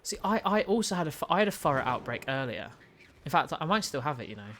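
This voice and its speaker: A man's voice: a little high, very animated, quick pace, a bit bright, a little hiss or hum. A young British man with a British accent streams a game live, chatting casually, stumbling over restarts and answering his chat as he plays. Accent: British English. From United Kingdom.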